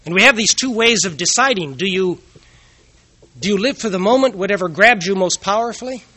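A man's voice: sits high, animated, a little fast, pushed and bright, no echo. A man giving an earnest moral talk, telling personal anecdotes and asking rhetorical questions.

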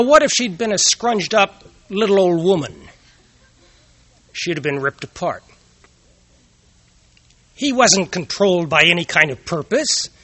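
Husky bright-voiced man lecturing. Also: on the high side. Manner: earnest, asks rhetorical questions. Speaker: speaker giving a moral talk. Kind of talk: lecture with personal anecdotes.

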